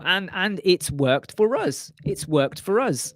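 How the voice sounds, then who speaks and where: A man hosting a casual live web chat about web design, talking in an animated way and repeating his points for emphasis. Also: high-pitched, slow pace, hardly any pauses, no echo, clean studio sound. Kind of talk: casual live-stream chat answering viewers. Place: small home studio room with soundproof panels.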